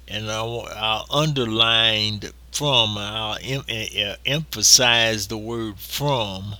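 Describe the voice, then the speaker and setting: Slow, deliberate man preaching a sermon. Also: fairly low pitch, pushed and bright.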